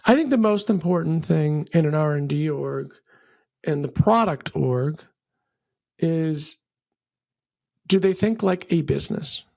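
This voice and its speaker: A middle-aged man talking as an interview guest, explaining his views in a lively, opinionated way and slipping into a rant. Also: a little high, a little slow, vocal fry, pauses often, no room sound. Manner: animated storyteller, acts out quotes, ranty. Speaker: venture capital partner, guest.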